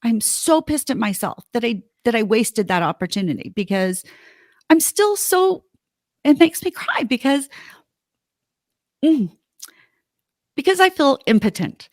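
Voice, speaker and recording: Indignant woman with a lively, high voice. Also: measured pace, pauses often, no echo, clean studio sound. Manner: heated, indignant storytelling with swearing. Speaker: podcast host. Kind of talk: casual podcast chat.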